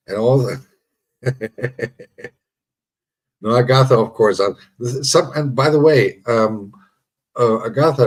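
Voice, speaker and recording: A man's voice: lowish voice, slightly rough. A man hosting a casual live chat, teasing his viewers, laughing often and repeating himself as he talks. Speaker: livestream host.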